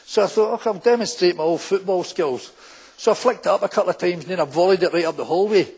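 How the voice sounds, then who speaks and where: A man's voice: high-pitched, fast talker, darkish tone, breathy edge. A Scottish man with a Glaswegian accent, an older former policeman, doing live stand-up storytelling on stage and acting out the people in his anecdotes in broad local dialect. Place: town hall stage before a full house.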